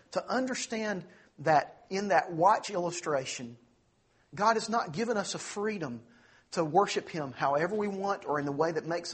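A man preaching a sermon as pastor, earnest, slowing down on key phrases and speeding through asides. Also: fairly high pitch, breathy edge. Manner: earnest preaching, slows for emphasis, quick asides.

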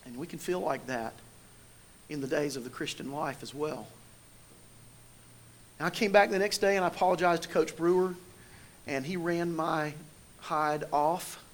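A man's voice: fairly high pitch, moderate pace, pauses often, a little hiss or hum. A man preaching a sermon, telling a personal story in a conversational way and building emphasis as he makes his point. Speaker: pastor.

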